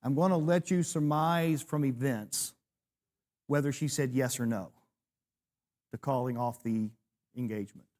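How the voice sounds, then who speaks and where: A man's voice: mid-range voice, measured pace, pauses often, darkish tone. A man in his sixties, a preacher, teaching a church class, telling a personal story with self-deprecating humor.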